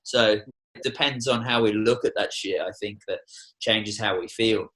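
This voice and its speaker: A man's voice: lowish voice, moderate pace, fairly bright tone, a little hiss or hum, rough recording. A young Australian man, a tour guide, talking passionately and swearing freely as a guest in a podcast studio. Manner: passionate, heavy swearing, preachy. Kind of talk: casual podcast conversation.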